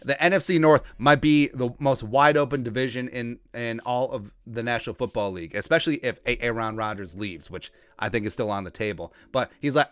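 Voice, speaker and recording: A man hosting a sports podcast, riffing in a joking, rambling way and putting on quick mock voices for the people he talks about. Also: medium pitch, fairly bright tone, smooth, dry recording, studio quality. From Asian heritage, Minnesota fan. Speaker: podcast host. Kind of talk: comedic sports commentary.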